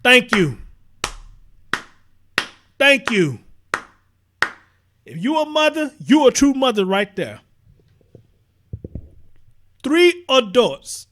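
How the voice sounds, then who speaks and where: A man's voice: extremely high pitch, big pitch swings, slow, long pauses, sharp tone, a little hiss or hum. A man hosting a live-stream commentary show, talking passionately and profanely and repeating himself as he reacts to viewer comments.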